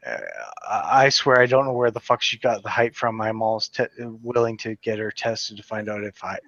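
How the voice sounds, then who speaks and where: A man's voice: lowish voice, steady tone, normal speed, a bit bright, dry recording, lo-fi sound. A man in his thirties hosting a casual chat, rambling, swearing and laughing often. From Western Canada. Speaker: channel host.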